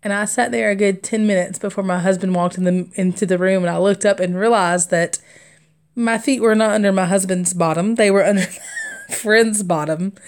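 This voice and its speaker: Woman, young adult, casual livestream chat, laughs a lot, rambling, mid pitch. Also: fairly even intonation, normal speed. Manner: chatty, laughs often, rambling with fillers. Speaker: craft livestream host. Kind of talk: casual storytelling chat while stitching.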